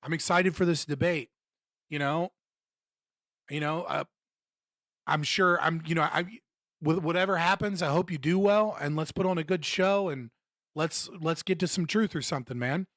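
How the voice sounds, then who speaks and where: A young man live-streams his reactions in a slightly high voice at a moderate pace, recorded with studio clarity and no echo. His casual commentary comes as animated, blunt rants, mocking and heavy with swearing.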